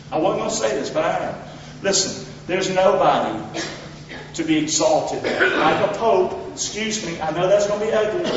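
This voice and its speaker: A pastor's voice sits high and a bit bright, with slight background noise, preaching fervently in a church sanctuary. He calls on the congregation to answer back, and the recording sounds dull, echoey, and distant-miked.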